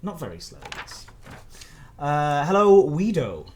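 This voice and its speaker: A man hosting a casual livestream as community manager, bubbly and rambling with quick bursts of speech. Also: a little high, big pitch swings, a crowd in the background.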